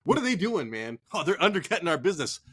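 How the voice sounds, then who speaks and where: A man's voice: on the high side, big pitch swings, fast talker, fairly bright tone, slight background noise. A man co-hosting a casual sports chat show, joking, laughing and swearing as he talks. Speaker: podcast co-host. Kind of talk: casual chat while drinking.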